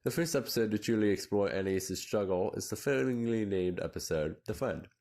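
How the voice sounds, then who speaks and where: A young man with a deep, low voice reads a scripted video essay. His delivery is measured and analytical, moving steadily through each point. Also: lively intonation, a little mellow. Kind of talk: scripted narration.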